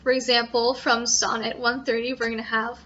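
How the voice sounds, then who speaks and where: This young woman's voice is fairly high and sharp, with little pitch movement and a moderate pace. As a student presenter giving an informal lesson on how to write a sonnet, she ums and self-corrects frequently; the recording is dull and lo-fi.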